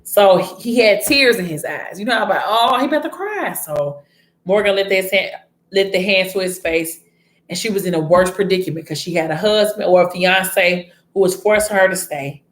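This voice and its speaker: A woman's voice: lowish voice, normal speed, roomy sound. A woman casually retelling a story to camera in a chatty manner, breaking off now and then to scold someone nearby.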